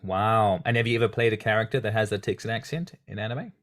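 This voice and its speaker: A man's voice: fairly low pitch, fast talker, a bit bright. A man from South Africa hosting a podcast, asking questions in friendly, chatty interview talk. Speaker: podcast host. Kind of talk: casual interview chat.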